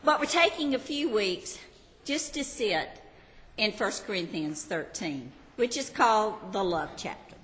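A woman's voice: mid-range voice, lively intonation, a little slow, fairly bright tone, long reverb tail. An older woman, teaching a Sunday school Bible class in a chatty, self-deprecating, homey way.

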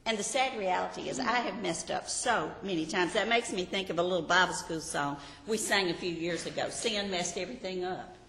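A woman's voice: lowish voice, fairly quick, hardly any pauses, a bit bright, a little hiss or hum. A woman teaching a Bible lesson to a group, earnest and often asking her listeners rhetorical questions. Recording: roomy hall reverb.

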